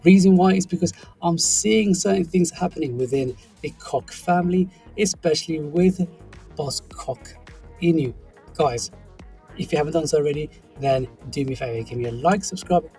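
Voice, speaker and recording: A man with a sore, groggy throat, hosting an upbeat crypto chart commentary for his viewers. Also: on the high side. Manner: hyped, energetic, talks to viewers as "guys". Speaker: crypto channel host.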